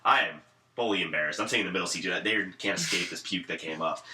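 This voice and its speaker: Young male podcast guest, low voice, fast rambling storyteller, casual swearing. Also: pushed and bright, a little hiss or hum. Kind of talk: casual chat.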